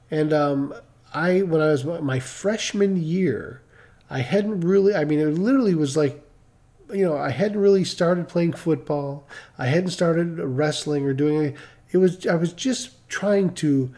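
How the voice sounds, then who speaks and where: A middle-aged man from Michigan tells a personal story on a live stream, his voice slightly high with a dark tone. His talk is casual and rambling, packed with restarts and asides.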